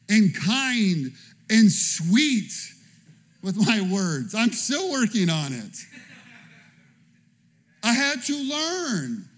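A man preaching with a lively, high-pitched voice that climbs and dips freely. He preaches casually and tells funny personal stories, often tossing out a quick "okay?" to the crowd. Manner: animated, conversational preaching with frequent "okay?". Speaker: pastor. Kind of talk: sermon.

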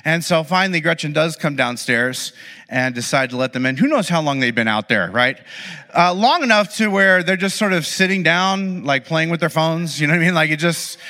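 A man tells a story to a gathered audience in a loose, chatty way, padding his sentences with fillers and asides. His voice sits a little high and sounds bright and forceful. It rings with the long reverb of a large hall. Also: animated, moderate pace. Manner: conversational, loose and rambling with many fillers. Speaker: speaker addressing an audience. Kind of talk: storytelling talk.

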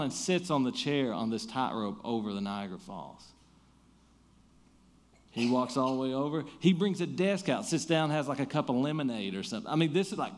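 A man pastor preaching a sermon, telling a story with lively emphasis and easing into quiet, soft prayer. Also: fairly high pitch.

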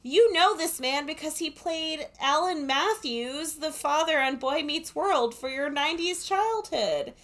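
A woman's voice: high-pitched, expressive, measured pace, hardly any pauses, fairly bright tone. A woman podcast co-host in casual chat, recapping a film plot in a chatty, sarcastic way and laughing often, speaking into a headphone mic. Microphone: headphones with a corded mic.

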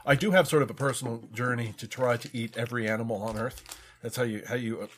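A man with a dry, wordy way of telling stories on a casual podcast. His voice sits at a middle pitch, and clear background noise and clicks come through. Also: fast. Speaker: podcast co-host. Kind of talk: casual chat.

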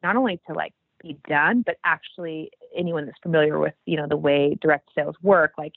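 A woman guest telling a faith story in casual talk, acting out the quoted lines with animated jumps in her voice. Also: brisk, husky, no echo. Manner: animated, acts out quoted dialogue with big pitch jumps. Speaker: podcast guest. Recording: dry, tinny phone-like line.

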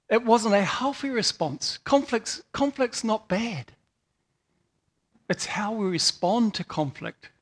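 A man giving a sermon, telling rambling stories with frequent repeated words. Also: sits high. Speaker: preacher.

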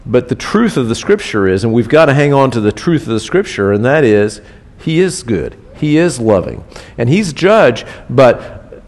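A man's voice: mid-range voice, very animated, normal speed, a little mellow. A man preaching a sermon in a casual, conversational way, repeating key phrases for emphasis. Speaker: pastor. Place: church.

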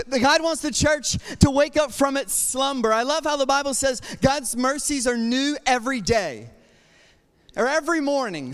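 A young man with a high, smooth and resonant voice preaches with passion in a church. He talks in a loose, conversational way, full of restarts and fillers. His voice rings out with a long hall reverb behind it. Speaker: pastor. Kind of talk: sermon. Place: church sanctuary.

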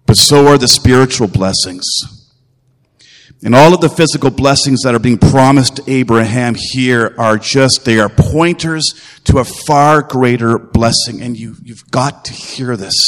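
A man's voice: mid-range voice, in a large hall. A man preaching a sermon as pastor, earnest and emphatic, repeating phrases and putting direct questions to his listeners.

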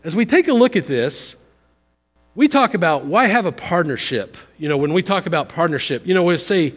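A man giving a conversational, folksy missions sermon in a church, pushing up for emphasis and then dropping low. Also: expressive, normal speed. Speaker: visiting missions speaker. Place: church sanctuary. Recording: long hall reverb.

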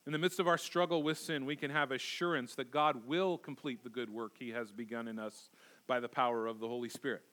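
A pastor preaching a sermon in a church, emphatic and repeating key words for stress. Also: male voice, medium pitch, steady tone, a little fast, fairly bright tone. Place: church sanctuary.

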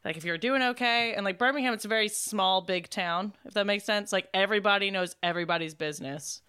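A woman's voice: medium pitch, quick pace, sharp tone, clean tone. A woman co-hosting a podcast, chatting in a friendly way with lots of "like". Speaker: podcast co-host. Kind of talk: casual chat.

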